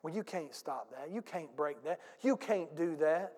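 A pastor preaching a sermon with emphatic delivery, calling on the congregation to repeat lines and acting out little scenes. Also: male voice, fairly high pitch, expressive, measured pace, a little mellow, big-room sound. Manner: emphatic preaching with audience call-and-response and acted-out anecdotes. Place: church sanctuary.

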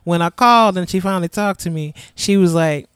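A man's voice: sits high, a little fast, smooth, no room sound, studio quality. A man co-hosting a podcast, telling a family story with animation in casual, slangy chat. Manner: animated storyteller, acts out his mother's lines.

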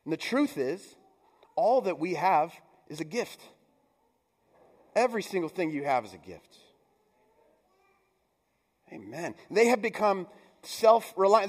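A middle-aged man preaches a sermon in a church sanctuary. His voice sits a little high, and he keeps it conversational, dropping in playful asides and mock voices. A long reverb from the hall trails behind every phrase. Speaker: pastor.

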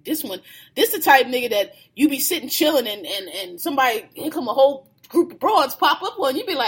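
A woman's voice: high voice, fairly quick, slightly rough. A woman telling a story in casual chat, laughing and acting out what people said. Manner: animated, laughing, acts out quoted lines.

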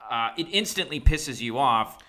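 A young man co-hosting a podcast who tells a story in a measured, step-by-step way. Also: medium pitch, lively intonation, bright, forceful tone. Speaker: podcast co-host. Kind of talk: casual storytelling.

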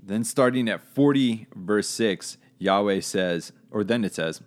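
A man's voice: fairly low pitch, a little slow, hardly any pauses. A man giving a casual Bible lesson. He talks in a conversational, searching way, hedging and correcting himself as he goes. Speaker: Bible teacher.

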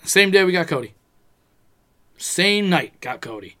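A man's voice: sits high, big pitch swings, unhurried, fairly bright tone. A young man in casual chat, telling a personal story with lots of swearing and acted-out quotes.

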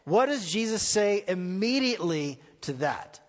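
A man's voice: high-pitched, moderate pace, fairly bright tone, in a large hall. A man preaching a live sermon as pastor, asking the congregation questions as he goes. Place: church hall.

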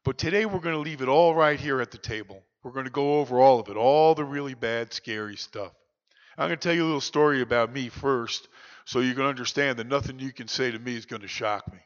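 A man's voice: mid-range voice, fast talker, lightly acted. A man doing an impression of an older male sober mentor who talks bluntly and plainly, as if nothing can shock him. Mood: blunt, confiding. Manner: streetwise, plain-spoken, unshockable. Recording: dull lo-fi recording, long hall reverb.

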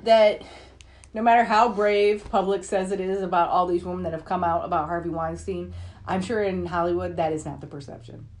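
A woman's voice: on the low side, steady tone, fairly quick, darkish tone. A woman in her forties co-hosting a casual podcast, opinionated and swearing freely. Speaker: podcast co-host. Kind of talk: casual chat.

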